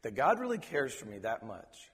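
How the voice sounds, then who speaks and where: A man preaching a sermon, earnest and halting, often repeating words as he searches for them. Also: mid-range voice, wildly swooping pitch, a bit bright, long reverb tail. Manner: preacher quoting scripture in reverent tones. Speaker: pastor.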